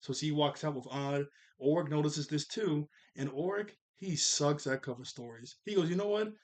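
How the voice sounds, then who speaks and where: A man's voice: fairly high pitch, moderate pace, darkish tone. A man casually recapping a cartoon episode scene by scene, laughing often as he goes. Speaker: cartoon reviewer.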